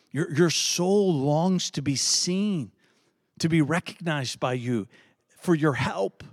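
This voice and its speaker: A man from gives a relaxed, conversational sermon in a voice sitting a little high for a man. He often restarts his words and checks in with his listeners. The sound is dry and close. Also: takes it slowly, no room sound. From Virginia, US South. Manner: repeats words, frequent "right?" asides, folksy humor. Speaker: pastor.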